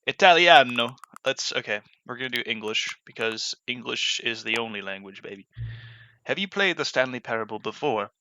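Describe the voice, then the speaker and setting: Rambling bright-voiced male gamer. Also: medium pitch, brisk, no echo. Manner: rambling, many fillers and restarts. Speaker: let's play gamer. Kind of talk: casual gameplay commentary.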